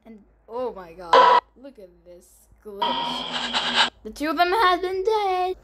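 A young woman commenting as she plays a horror game, jumpy and swearing, with sudden high shrieks when startled. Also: very animated, slow, rough recording. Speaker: gamer playing a horror game. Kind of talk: let's play commentary. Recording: loud background noise, mic clicks.

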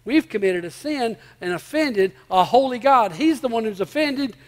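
Male pastor, emphatic sermon, high voice, repeats himself for weight, long church reverb. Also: lively intonation, normal speed. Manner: emphatic, repeats key phrases, asks the congregation rhetorical questions. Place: church sanctuary before a congregation.

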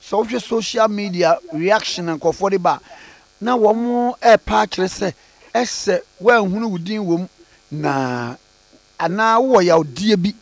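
A man with a Ghanaian accent hosting a radio phone-in, pressing his caller with quick questions. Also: sits high, dry recording. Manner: probing, quick interjections. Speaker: radio host.

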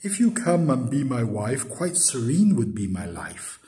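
A man's voice: medium pitch, big pitch swings, measured pace, warm tone. A man voicing a lonely little male nonsense creature with a big head, in a raised, pleading, sing-song voice. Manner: sing-song verse recital.

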